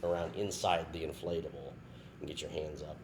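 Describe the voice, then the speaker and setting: A man's voice: rumbling low, steady tone, a little fast, noisy background. A man guest on a casual podcast, telling a story and often checking in with "right?" and breaking into laughter.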